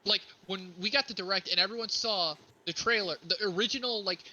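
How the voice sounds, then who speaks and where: A man co-hosting a podcast, chatting casually about video games, excitable and swearing freely. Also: high-pitched, a little fast, low-quality recording. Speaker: podcast co-host. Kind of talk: casual gaming chat.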